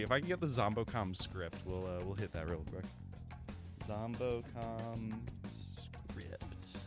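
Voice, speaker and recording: A man streaming a video game, chatting casually in a jokey, rambling way. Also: medium pitch. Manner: jokey, rambling, quick laughs. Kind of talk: casual gameplay commentary.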